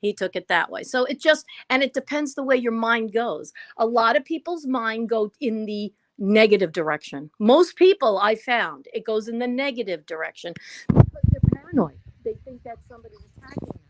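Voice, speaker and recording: A chatty middle-aged woman co-hosting a casual online talk. Her voice sits a little high, and she laughs often. She makes her points by acting out small everyday exchanges. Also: animated, moderate pace. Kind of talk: casual chat.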